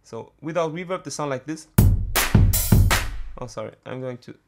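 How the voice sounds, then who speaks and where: A man teaching a music production tutorial, talking in a halting way with many fillers and restarts. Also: a little high, gravelly. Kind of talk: screen-recorded software tutorial.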